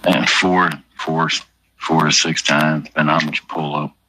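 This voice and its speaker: A man's voice: a bass voice, flat delivery, normal speed, sharp tone, no echo, poor audio. Man, late-night stream chat, profane, offhand, dry close sound. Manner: rambling, heavy swearing, offhand. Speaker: livestreamer. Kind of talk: casual late-night livestream chat while drinking.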